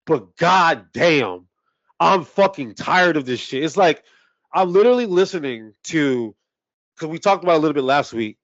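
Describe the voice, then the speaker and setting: Profane ranting man, high voice. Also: expressive, moderate pace, a bit bright, no room sound, lo-fi sound. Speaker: podcast co-host. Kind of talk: casual sports talk.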